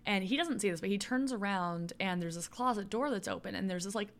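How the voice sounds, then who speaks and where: A woman co-hosting a casual podcast, her voice mid-pitched and natural. She recaps things in a relaxed, conversational way, with plenty of "um" and "like". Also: brisk. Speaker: podcast co-host.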